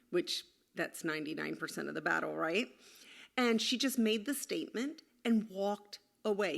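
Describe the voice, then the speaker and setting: A woman's voice: mid-range voice, gravelly, fairly bright tone. Woman in her forties, parenting coach, casual to-camera advice, plays out kids' back talk. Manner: acts out kids' replies in snippy voices.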